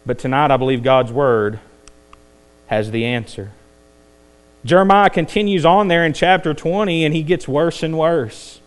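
High-voiced preacher, swells and drops. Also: male voice, moderate pace, clear, resonant tone. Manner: rises high and intense, then drops low and quiet. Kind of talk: evening sermon.

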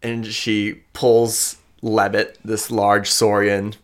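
This game master speaks slowly in a voice on the low side, narrating a tabletop role-playing game. He stays relaxed and casual, with frequent hesitations.

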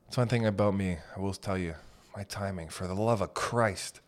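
A man's voice: low voice, normal speed. Rambling, swearing comedic male podcaster. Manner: meandering, self-deprecating, swears casually, breaks into loud mock shouts. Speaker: podcast host.

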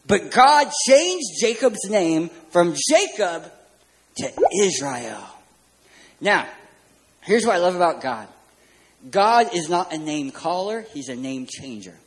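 A man preaching a sermon as a pastor, joking and animated as he tells stories. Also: high-pitched, slow pace, long pauses, poor audio. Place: church stage.

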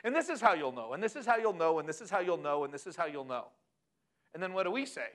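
A middle-aged man giving a sermon as a pastor, animated and often asking the audience questions. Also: a little high, fairly quick.

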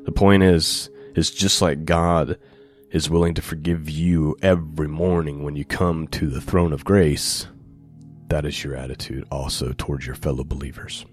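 Deep-voiced man preaching. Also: steady tone, normal speed, faint music behind. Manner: reads scripture aloud with rising emphasis, then explains in plain asides. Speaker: pastor. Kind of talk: sermon.

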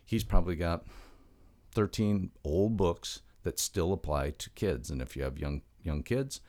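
Deep-voiced emphatic middle-aged man. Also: unhurried, a little mellow. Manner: emphatic, fond of rhetorical questions; chatty anecdotal storyteller. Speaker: health expert guest. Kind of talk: conversational podcast interview.

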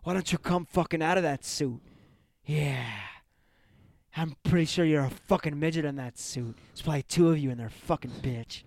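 A man's voice: fairly high pitch, moderate pace, a little mellow, no echo, clean studio sound, close to an everyday voice. A man in an improvised comedy sketch, voicing a crude, boastful Joker-style villain who draws out his words giddily. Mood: manic.

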